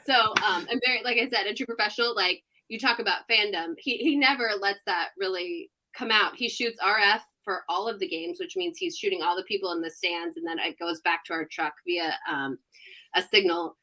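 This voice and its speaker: A woman in her thirties, a sports reporter, chats as a podcast guest with a bright, forceful tone. She tells her stories with animated energy and laughs often along the way. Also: mid-range voice, brisk. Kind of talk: casual podcast interview.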